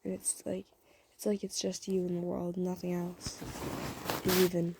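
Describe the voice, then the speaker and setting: A woman's voice: fairly low pitch, monotone, moderate pace, gravelly, noisy background. A woman telling a romantic fan story to the listener in a chatty, rambling way full of fillers. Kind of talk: casual spoken fan story.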